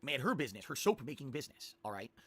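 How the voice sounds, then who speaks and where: Fast, bright-voiced male streamer rambling. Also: mid-range voice. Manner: animated, restarts and repeats himself. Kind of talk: rambling storytelling to stream viewers.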